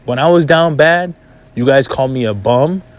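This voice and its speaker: A man's voice: mid-range voice, normal speed. Blunt, profane man ranting. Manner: blunt, profane, heated and preachy. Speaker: vlogger. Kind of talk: casual rant to camera.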